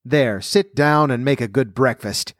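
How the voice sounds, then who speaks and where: A loud, bossy one-eyed giantess from a storybook, put on by a man reading aloud. She scolds and commands in a booming tone, slightly raised in pitch. The sound is dry and close. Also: a little slow, no echo, natural voice.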